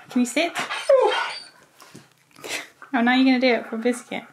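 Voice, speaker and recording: Amid heavy background noise, a dog owner and video maker talks to her dog during trick training, coaxing it playfully and laughing frequently. She speaks at normal speed in a fairly high voice, pausing often.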